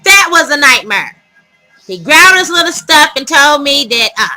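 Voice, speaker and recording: A high, sharply bright woman's voice tells a dating story to her viewers. She talks casually and dramatically, with animated outrage and laughter woven through. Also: normal speed, faint music behind, rough recording. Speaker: vlogger telling her dating stories.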